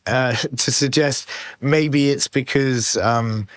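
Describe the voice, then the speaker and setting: A man hosts a podcast conversation in an ordinary mid-pitched voice, recorded dry and close. He speaks in a measured way, thinks aloud, and hedges his points as he works toward them. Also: dry recording. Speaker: podcast host. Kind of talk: casual chat.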